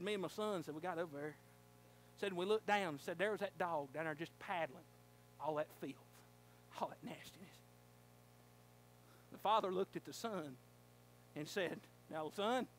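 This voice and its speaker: A male pastor preaching a sermon in a church, telling a folksy story and rising to fervent shouting. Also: high-pitched, a little hiss or hum. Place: church sanctuary.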